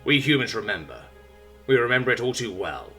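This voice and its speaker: A man's voice: mid-range voice, very animated, fairly quick, sharp tone, soft background music. A man voicing a weary male human ambassador who speaks firmly and sarcastically. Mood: grave. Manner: sarcastic, firm.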